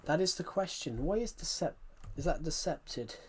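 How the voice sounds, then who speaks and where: A British man chatting casually with viewers on his live stream, using a louder, cheerful streaming voice and rambling from one thought to the next. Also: a little high, expressive, breathy edge. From United Kingdom. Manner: puts on a louder, happier voice for the stream; rambling, chatty, quick to apologize.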